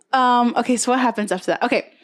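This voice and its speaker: Young woman, podcast co-host, slightly high voice, lively gossiping storyteller. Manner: animated storyteller, acts out quotes, frequent "like". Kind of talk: casual chat, retelling a reality show.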